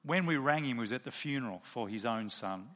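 A man's voice: medium pitch, lively intonation, a little fast, a bit bright. A middle-aged man preaching a sermon, telling a story and asking rhetorical questions of the congregation.

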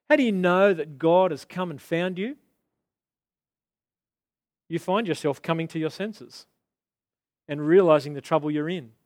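A man preaching a sermon, animated and swinging into indignant outbursts. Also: fairly high pitch, dry recording, clean studio sound. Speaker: pastor.

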